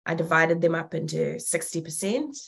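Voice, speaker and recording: Blunt, low-voiced woman co-host. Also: moderate pace, creaky, slightly rough. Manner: blunt, swears freely, laughs often. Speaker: podcast co-host. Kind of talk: casual chat.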